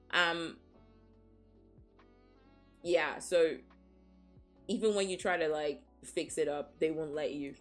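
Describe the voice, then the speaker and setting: A Nigerian woman streamer chats casually, frank and swearing freely, often laughing as she reads the chat and sniffling after having cried. Her voice sits low.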